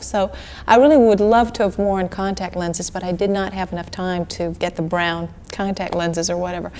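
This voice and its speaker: A woman in her thirties chats as a guest in an old TV interview. She talks animatedly, tumbling over her words and restarting sentences. Her voice sits at a middling pitch. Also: normal speed. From Georgia, US. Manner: animated, chatty, many restarts and laughs. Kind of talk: casual interview chat. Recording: archive 1980s TV interview.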